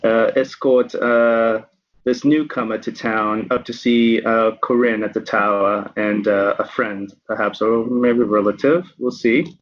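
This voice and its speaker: Man doing a faltering, courteous barkeep lady, lower voice, dull recording. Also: steady tone, unhurried, lightly acted. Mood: hesitant. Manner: hesitant, full of ums. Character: woman tavern keeper, polite and unconventional.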